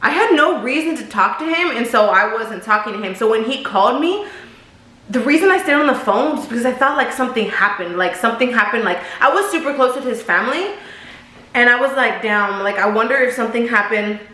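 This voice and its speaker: A woman's voice: a little high, expressive, fairly quick, sharp tone. Chatty young woman in an echoey room. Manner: chatty, slangy, addresses viewers as y'all. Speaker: vlogger. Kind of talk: casual storytime. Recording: roomy echo.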